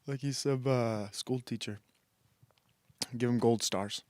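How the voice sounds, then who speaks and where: A man's voice: medium pitch, a little mellow, no room sound. Mocking, rambling male streamer. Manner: rambling, mocking, laughs at his own jokes. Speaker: streamer host. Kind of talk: casual comedic monologue reacting to videos.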